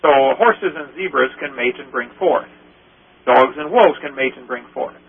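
A man's voice: on the high side, animated, normal speed, slightly rough. A man hosting a call-in radio show, joking and telling anecdotes while he takes callers. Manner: jokey, tells anecdotes with put-on quoted voices. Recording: tinny phone-line sound with faint hiss.

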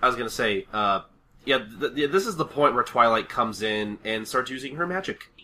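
A man's voice: medium pitch, animated, moderate pace, bright, forceful tone. A man co-hosting a casual podcast, recapping a cartoon episode in a loose, rambling way with plenty of swearing and laughter. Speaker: podcast co-host.

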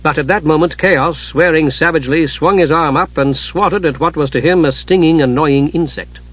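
A man narrating a fantasy audiobook in a steady, dramatic storytelling manner. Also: on the high side, normal speed, slightly rough. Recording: dull lo-fi audiobook recording.

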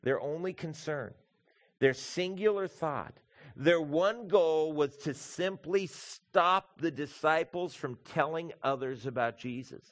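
A man's voice: fairly high pitch, slow, a bit bright. A man preaching a sermon as pastor, emphatic and building through lists of repeated words, addressing the congregation as folks.

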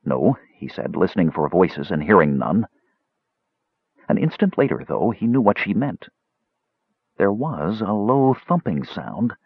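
A man narrating a fantasy story in a measured storytelling manner. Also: on the low side, breathy edge, no echo. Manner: measured storytelling, lively intonation. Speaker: audiobook narrator. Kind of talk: scripted narration. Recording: dull dry close-mic audiobook recording.

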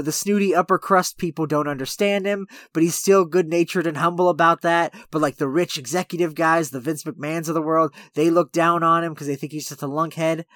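A podcast co-host talking through a movie in animated, rambling casual chat, leaning on "like" while building an argument. The voice sits close on a very dry mic. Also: medium pitch, no room sound. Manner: animated storytelling, heavy use of "like".

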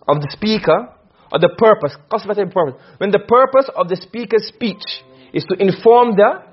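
A man's voice: sits high, breathy edge. A man teaching a lesson in Arabic rhetoric, explaining step by step and often checking that his students follow. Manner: acts out short quoted exchanges. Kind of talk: classroom lecture. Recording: dull lo-fi classroom recording.

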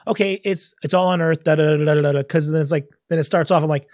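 A man co-hosts a relaxed movie podcast and acts out his own reactions as he goes. His voice sits a bit high, and it is recorded dry with no room sound. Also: fast, hardly any pauses, no room sound. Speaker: podcast co-host. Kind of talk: casual chat.

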